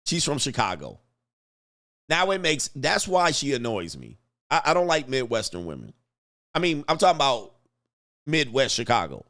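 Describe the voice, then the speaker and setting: A man's voice: mid-range voice, wildly swooping pitch, moderate pace, pauses often, a bit bright. A man hosting a livestream reaction commentary, talking in a blunt, mocking way and chuckling often. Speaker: commentary host.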